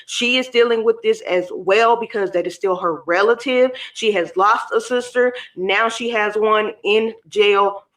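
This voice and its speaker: True-crime commentator, female, bright tone, conversational with personal asides. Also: mid-range voice, a little slow, few pauses. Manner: conversational, adds her own opinions to the facts. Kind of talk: casual true-crime storytelling.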